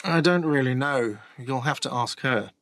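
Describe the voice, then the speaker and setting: A man's voice: medium pitch, expressive, moderate pace, fairly bright tone, no room sound, lightly acted. Sex: man. Figure: a man voicing a whiny cafeteria manager. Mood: defensive. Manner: whiny and defensive.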